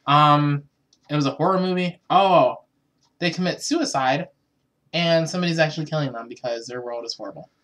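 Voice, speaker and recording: A man's voice: on the high side, moderate pace, a bit bright. A man hosting a casual chat, brash and crude, slipping into jokey voices. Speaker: host.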